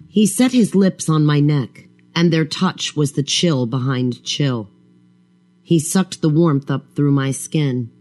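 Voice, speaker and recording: Slow, measured male storyteller. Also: on the high side, a little mellow. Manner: slow, measured, brooding delivery. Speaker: audiobook narrator. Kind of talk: first-person horror narration.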